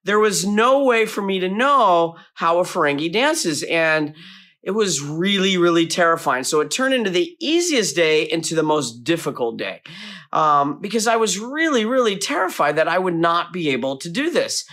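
A man telling a behind-the-scenes anecdote in an animated storytelling way, acting out his own past lines. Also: high-pitched, normal speed.

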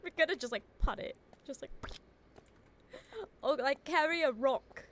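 A woman's voice: sits high, unhurried, a bit bright, slight background noise. A woman giving chatty, self-talking commentary while playing a video game, often giggling. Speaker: gaming streamer. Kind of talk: casual let's-play commentary.

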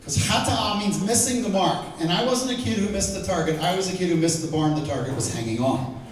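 A middle-aged man teaching the Bible to a live audience, animated and joking, asking the crowd questions. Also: high voice, a little fast. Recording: echoey hall, mic far off, faint noise.

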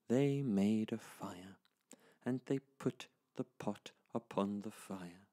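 A man telling a traditional children's story in a slow, lively, sing-song way. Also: lowish voice.

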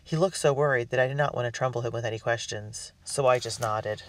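A man narrating a storybook in the first person with an earnest, expressive delivery. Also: medium pitch, quick pace. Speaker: audiobook reader. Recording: dry, distant mic.

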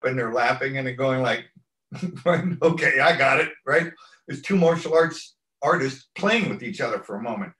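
A man's voice: mid-range voice, expressive, moderate pace, a bit bright, reverberant, low-quality recording. A man in an interview telling a long story at an easygoing ramble, acting out what people said. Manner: rambling anecdotal delivery, acts out quoted lines. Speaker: stunt coordinator, interview guest.

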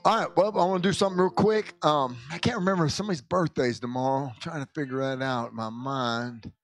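A man's voice: medium pitch, fast talker, faint music behind. A male pastor making casual, folksy church announcements in the sanctuary, chatty and often breaking off mid-sentence. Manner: folksy, chatty, self-interrupting.

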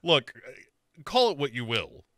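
A man's voice: mid-range voice, a little slow. A man co-hosting a podcast, recapping a horror series in casual chat and acting out characters' lines. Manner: animated storyteller, acts out characters' lines. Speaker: podcast co-host.

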